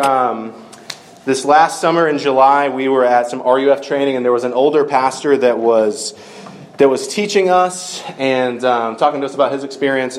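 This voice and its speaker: A man's voice: mid-range voice, a little hiss or hum. A man giving a casual storytelling sermon as a campus minister, chatty and full of fillers. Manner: conversational, many fillers like "like" and "um".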